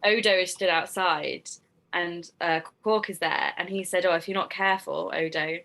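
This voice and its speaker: A woman's voice: fairly low pitch, fairly even intonation, moderate pace, creaky, a bit bright, poor audio. A British woman co-hosting a casual podcast chat, reading trivia and giggling. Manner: chatty, giggly, reads trivia notes. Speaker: co-host.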